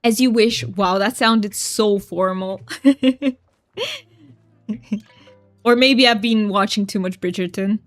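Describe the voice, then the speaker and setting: A woman's voice: medium pitch, takes it slowly, pauses often, a bit bright, no echo, soft background music. A woman streaming a cozy game, chatting casually with her viewers and reading their messages aloud. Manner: chatty, giggly, reads chat aloud. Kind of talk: casual gameplay chat with chat.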